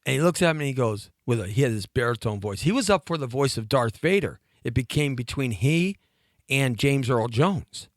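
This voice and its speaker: Animated middle-aged male storyteller, dry studio sound. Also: mid-range voice, normal speed, no room sound. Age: 50s. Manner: animated anecdotal storyteller with laughs and restarts. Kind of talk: storytelling on a talk show.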